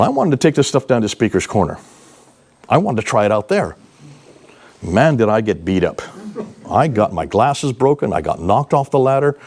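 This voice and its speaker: A man in his sixties giving a seminar talk, telling lively, emphatic anecdotes to a live audience. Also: fairly low pitch. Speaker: seminar speaker. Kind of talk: animated storytelling lecture.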